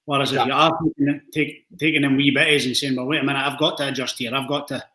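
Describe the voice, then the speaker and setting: A man's voice: medium pitch, flat delivery, fast talker, bright, forceful tone, roomy sound, poor audio. A man hosting a casual live interview from home, calling his guest mate. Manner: friendly, calls guest mate. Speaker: host. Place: home room.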